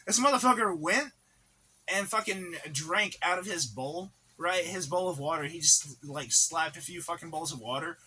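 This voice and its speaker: Bright-voiced man telling rambling stories. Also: a little high, moderate pace, slightly rough. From Native American reservation community. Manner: rambling, filler-heavy, swearing. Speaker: podcast co-host. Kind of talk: casual storytelling.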